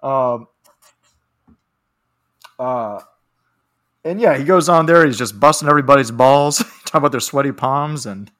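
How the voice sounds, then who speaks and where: A man's voice: medium pitch, measured pace, long pauses, fairly bright tone. Laughing, profane man chatting about movies. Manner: profane, laughing, rambling with fillers. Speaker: podcast co-host. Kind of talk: casual movie-review chat.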